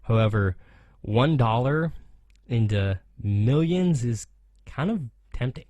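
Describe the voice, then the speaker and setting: An American man hosting a racing talk show, giving animated, opinionated commentary with sarcastic asides. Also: mid-range voice, slow pace, no echo. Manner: animated, sarcastic, mocks others in jokey voices.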